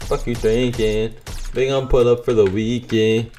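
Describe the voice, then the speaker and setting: A young man giving excitable, cursing gameplay commentary as a gaming YouTuber, breaking into shouts and laughter. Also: mid-range voice, normal speed, a little hiss or hum.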